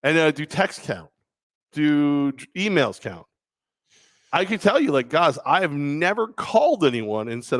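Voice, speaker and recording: A man's voice: on the high side, very animated, unhurried, dry recording, clean studio sound. A man co-hosting a sports talk show, joking and rambling with a self-mocking streak. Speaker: co-host. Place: radio studio.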